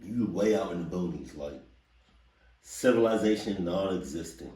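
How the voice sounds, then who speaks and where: A man hosting a reaction video in casual commentary, animated and repeating rhetorical questions. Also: sits low, moderate pace, distant mic. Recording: roomy sound from off mic.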